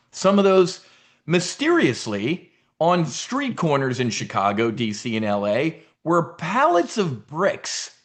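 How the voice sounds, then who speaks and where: A man's voice: fairly high pitch, wildly swooping pitch, takes it slowly. A middle-aged man hosting a live investing briefing, talking casually with blunt, swearing asides and rambling restarts.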